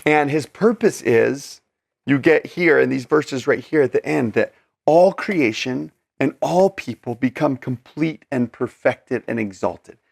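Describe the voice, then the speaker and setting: Gravelly-voiced man teaching scripture. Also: mid-range voice, a little slow, no echo. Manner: earnest, conversational, many fillers and restarts. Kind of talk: casual scripture study talk.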